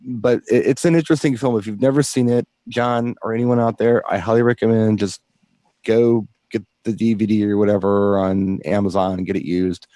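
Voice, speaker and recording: A man's voice: on the low side, steady tone, moderate pace, dark tone, no room sound. A man co-hosting a DJ show in casual chat, explaining things at length with enthusiasm. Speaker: DJ co-host.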